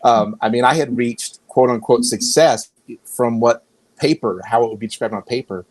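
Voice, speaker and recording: A man speaking as a guest on a podcast rambles through his stories in casual conversation, often correcting himself mid-sentence. His mid-range, slightly mellow voice moves at a normal pace. The recording is dry and rough.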